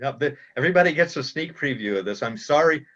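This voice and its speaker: A man speaking as a cartoonist guest in a casual interview, talking in halting starts and restarts. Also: mid-range voice, lively intonation, fairly bright tone. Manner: halting, self-interrupting, chuckling. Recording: dull lo-fi audio.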